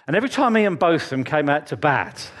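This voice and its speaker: Jokey preacher, fairly high voice. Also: male voice, very animated, brisk. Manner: chatty, jokey storytelling with asides to the congregation. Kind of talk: sermon. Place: church.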